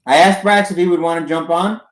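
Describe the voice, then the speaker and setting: A man's voice: a little high, steady tone, brisk, roomy sound, rough recording. A man co-hosting a podcast who chats casually and ribs his co-host with dry sarcasm. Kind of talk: casual chat.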